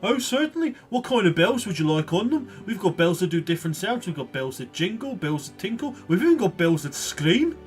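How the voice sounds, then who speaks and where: A man's voice: high voice, sing-song, fairly quick, hardly any pauses, faint music behind. A man voicing a small, chatty male gnome shoe-shop keeper in a wobbly put-on regional accent, rambling with many fillers. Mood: eager. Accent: vague Birmingham-like put-on accent. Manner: hesitant, rambling salesman patter with many fillers.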